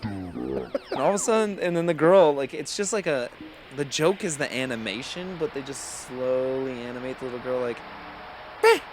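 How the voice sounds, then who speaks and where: A man's voice: medium pitch, big pitch swings, normal speed, noisy background. A man co-hosting a podcast in casual chat, laid-back and joking. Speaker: podcast co-host.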